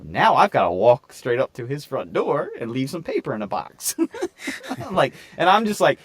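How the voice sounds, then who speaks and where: A man's voice: a little high, normal speed, no room sound. A man co-hosting a podcast, telling a story in casual, swearing chat and acting out the people in it. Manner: animated, swears freely, acts out quoted voices. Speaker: podcast co-host.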